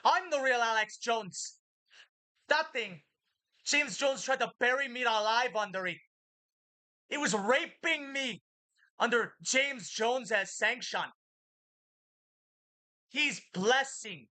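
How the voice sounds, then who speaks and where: A woman's voice: on the high side, takes it slowly, pauses often, bright, forceful tone. A woman talking in a rambling monologue to her viewers, often speaking of herself in the third person, blunt and profane. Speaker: vlogger.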